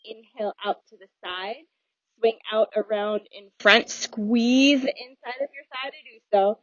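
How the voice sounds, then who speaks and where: A woman teaching a yoga class, calmly cueing breaths and movements with some ums and uhs. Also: on the high side, a little slow. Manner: calm, cueing breath and movement, with filler words. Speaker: yoga instructor. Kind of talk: guided yoga class instruction. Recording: dull, dry lo-fi sound.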